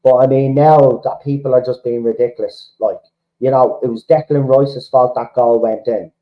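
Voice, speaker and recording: A man's voice: mid-range voice, fairly even intonation, normal speed, narrow, tinny audio. Heated, sweary Irish man ranting. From Republic of Ireland. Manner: heated, sweary, repeats himself. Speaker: fan channel host. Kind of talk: livestream rant to chat.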